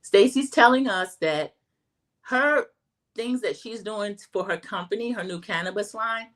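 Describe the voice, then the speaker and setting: A woman's voice: medium pitch, measured pace, a bit bright. A middle-aged woman hosting a casual livestream recap, chatting straight to her viewers. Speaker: host.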